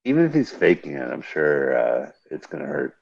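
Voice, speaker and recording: A man's voice: extremely low pitch, huge pitch swings, moderate pace, gravelly. A man casually riffing with a co-host over an old silent film, explaining scenes between wry jokes. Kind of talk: casual banter over a movie. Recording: dull lo-fi radio stream.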